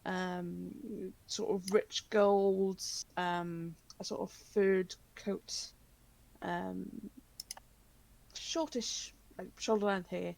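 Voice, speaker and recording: A woman narrating a tabletop horror game as game master, halting, with many fillers and frequent laughs. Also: medium pitch, level tone, vocal fry, a little mellow.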